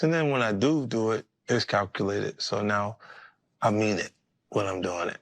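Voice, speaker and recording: Low male voice, calm and reflective. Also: moderate pace. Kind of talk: reflective talk clip.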